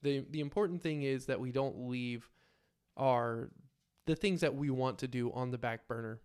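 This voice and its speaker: A man narrating his own solo tabletop game and talking to viewers in a relaxed, filler-filled way. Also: mid-range voice, moderate pace, clear, resonant tone. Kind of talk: casual solo role-play narration.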